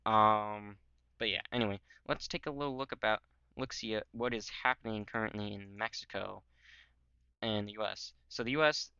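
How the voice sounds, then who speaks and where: A man's voice: on the low side, sharp tone, clear, resonant tone, dry recording. A young man talking casually over a map, rambling with many fillers and joking voices. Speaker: history video creator. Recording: dull lo-fi mic.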